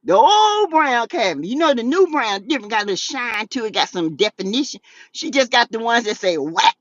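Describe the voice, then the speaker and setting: A Southern woman hosting a casual gossip show, sassy and animated, laughing often as she reads out chat messages. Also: fairly high pitch, fast talker, no echo, lo-fi sound. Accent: Southern US, South Carolina. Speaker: YouTube talk show host. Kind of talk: casual gossip commentary reading live chat.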